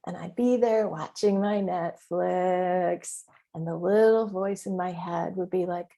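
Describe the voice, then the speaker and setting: A middle-aged woman hosting a casual solo podcast. She talks emphatically, swears lightly, and acts out her inner voice in quick quoted asides. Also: mid-range voice. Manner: emphatic, animated, frequent mild swearing. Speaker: podcast host and business mentor.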